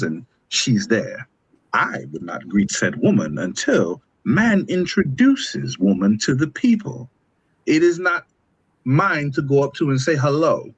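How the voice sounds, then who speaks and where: A man with an East Coast African American accent, co-hosting a casual panel chat, animated and fond of playacting voices. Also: breathy edge, poor audio. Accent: African American English, East Coast. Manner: animated, slips into a mock-posh voice and high-pitched playacting. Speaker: podcast co-host.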